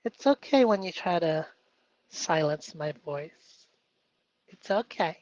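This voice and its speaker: Slow-talking earnest man, muffled and dry. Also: fairly high pitch, animated, a little mellow, dry recording. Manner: earnest, halting, self-talk with many fillers. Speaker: live-stream host. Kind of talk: emotional self-reflective live stream.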